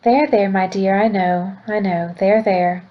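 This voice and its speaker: A woman's voice: mid-range voice, steady tone, a little slow, highs cut off, lightly acted. A woman reading aloud, voicing a stubborn old grandfather who is an army veteran. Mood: soothing. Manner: quiet, gruff, stubborn.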